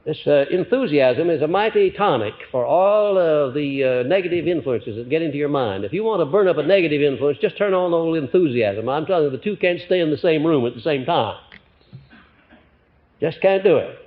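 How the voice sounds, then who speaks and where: An older man giving a live motivational lecture to an audience, animated, swinging between loud emphatic lines and quiet ones, with frequent fillers. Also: on the high side, a little fast. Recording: muffled 1950s lecture recording.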